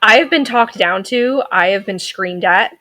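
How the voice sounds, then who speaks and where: A woman's voice: mid-range voice, measured pace, sharp tone. Woman in her thirties, podcast guest, outspoken and sassy, mid-range voice. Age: 30s. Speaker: guest, veterinary technician. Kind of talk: casual interview chat.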